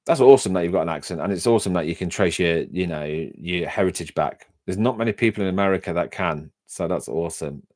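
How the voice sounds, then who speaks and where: A man's voice: deep voice, quick pace, few pauses, darkish tone, no echo, clean studio sound. An English man chatting on a casual livestream, reading chat and rambling from story to story with frequent laughs and restarts. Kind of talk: casual live-stream chat.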